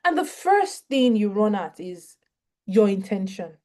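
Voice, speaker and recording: A woman giving a mental health training session on a video call, talking in a lively, conversational way and acting out short dialogues. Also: medium pitch, unhurried. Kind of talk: online training talk.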